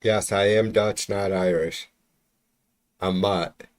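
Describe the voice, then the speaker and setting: Male streamer, lowish voice, loose profane rambling chat, mic at arm's length. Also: fairly even intonation, slow pace. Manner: rambling, profane, chatting to viewers. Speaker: livestreamer. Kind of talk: casual livestream chat. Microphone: mic about an arm's length away.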